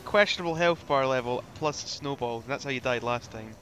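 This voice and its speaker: A man co-hosting a gaming podcast, teasing and joking excitably during casual chat. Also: medium pitch, moderate pace, a crowd in the background. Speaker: podcast co-host.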